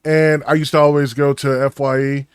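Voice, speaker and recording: A man's voice: medium pitch, level tone, normal speed, clean tone, no echo, studio quality. A man co-hosting a podcast, telling rambling stories in casual chat and swearing freely. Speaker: podcast co-host.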